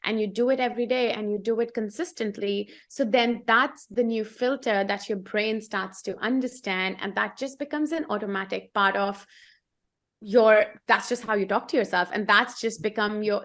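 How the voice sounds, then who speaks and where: A woman's voice: mid-range voice, normal speed, fairly bright tone. A woman co-hosting a casual coaching chat, explaining in an earnest way and repeating phrases for emphasis. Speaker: co-host.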